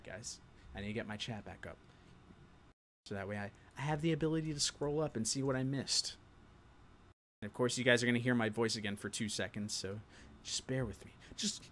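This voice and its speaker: A man's voice: mid-range voice, a little hiss or hum. A young man from New York with a New York accent, hosting a live-stream show and chatting casually with viewers, laughing often.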